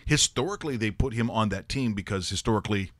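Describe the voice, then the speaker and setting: A man hosting a sports talk show, telling stories in a rambling, animated way and laughing often. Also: fairly low pitch, fast, dry recording. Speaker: host.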